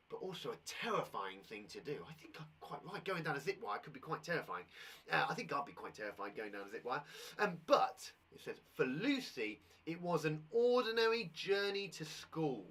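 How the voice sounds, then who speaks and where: A British man teaching young children live over the internet, his voice a little husky and pitched fairly high. He talks to the kids at home with lots of rise and fall, and he reads the story aloud slowly. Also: distant mic. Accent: British English. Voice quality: husky, animated. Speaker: primary school teacher. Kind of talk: live online lesson for children.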